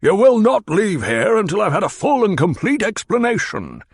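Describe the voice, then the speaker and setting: Man voicing a pompous old villain baron, demanding, petulant, gravelly, husky. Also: sits high, wildly swooping pitch, normal speed, dry recording, studio quality, pitched above the performer's own voice, heavily acted.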